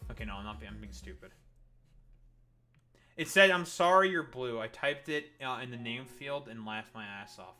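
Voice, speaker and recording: A man's voice: on the low side, normal speed, long pauses, bright, forceful tone, soft background music. Tired, profane streamer man ranting. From Canada. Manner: profane, sarcastic, rambling. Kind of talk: late-night livestream rant.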